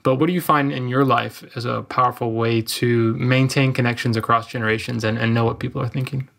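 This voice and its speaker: Fast-talking gravelly male podcast host. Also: mid-range voice, fairly even intonation, fairly bright tone. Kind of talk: interview questions.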